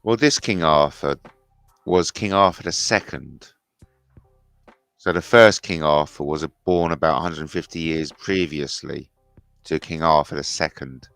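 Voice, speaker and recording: Man, casual livestream host, very low gravelly voice, blunt and sweary. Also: measured pace, fairly bright tone, no echo, soft background music. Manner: chatty, blunt banter with swearing.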